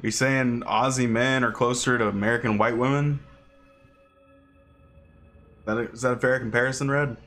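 A man streaming a game from home, chatting casually and sarcastically with his chat, sometimes jumping into high yelps. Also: steady tone, moderate pace, pauses often, a bit bright, soft background music. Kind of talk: casual livestream chat while gaming.

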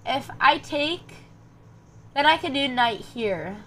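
A young woman with a slightly high voice talks through her chess moves as she streams. She mutters lines and calculations to herself, then turns to chat with her viewers in louder, animated bursts. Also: slow, slight background noise. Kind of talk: thinking aloud while playing chess online.

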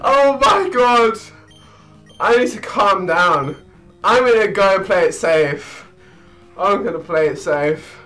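A young man giving hyper, excitable gameplay commentary, often breaking into shrieks and laughter. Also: high voice, a little slow, soft background music, rough recording. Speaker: let's play gamer.

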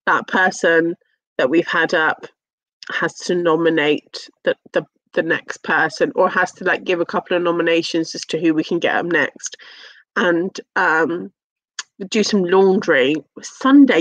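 Young English woman streamer, unhurried and sweary, close dry mic. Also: fairly low pitch, no room sound, poor audio. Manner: chatty, sweary, teasing, many fillers. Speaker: live streamer. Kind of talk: casual live-stream chat.

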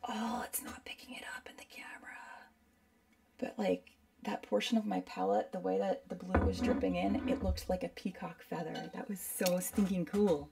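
A woman's voice: mid-range voice, vocal fry, recorded from a distance. A woman instructor chatting casually through a live painting demo, rambling and saying "like" a lot. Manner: chatty, rambling, uses lots of "like". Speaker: art instructor.

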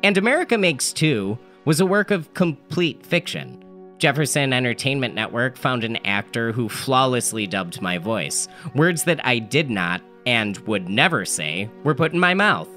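A man's voice: medium pitch, big pitch swings, moderate pace, sharp tone, soft background music. A man telling an absurd comedic story in a dry, matter-of-fact manner. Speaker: narrator.

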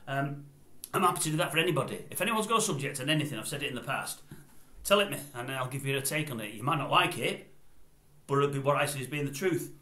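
A man's voice: mid-range voice, lively intonation, quick pace, bright, forceful tone. An older man giving his opinions in a casual vlog, rambling and going off on tangents. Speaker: YouTube commentator. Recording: roomy echoey room.

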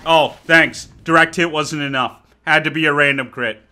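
A man's voice: on the high side, fairly even intonation, moderate pace, pushed and bright. A man giving joking, exclaiming running commentary over his own gameplay. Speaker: gaming video creator.

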